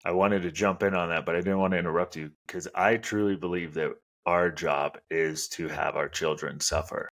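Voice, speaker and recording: A man's voice: low-pitched, steady tone, moderate pace, hardly any pauses, fairly bright tone. A man in his thirties hosting a casual podcast chat, blunt and opinionated, swearing casually. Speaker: podcast host.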